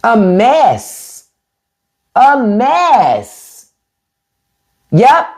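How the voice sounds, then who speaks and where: A woman podcast host is doing a live stream through a phone or webcam, giving her viewers blunt, unfiltered commentary laced with plenty of swearing. Her voice sits on the high side with a darkish tone, and she talks extremely slowly while her pitch swoops wildly.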